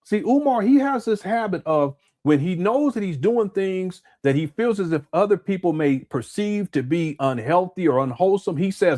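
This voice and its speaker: A man's voice: high-pitched, lively intonation, moderate pace, hardly any pauses, mellow. A man from Southern California talking casually as a live-stream commentary host, often repeating words and answering chat comments.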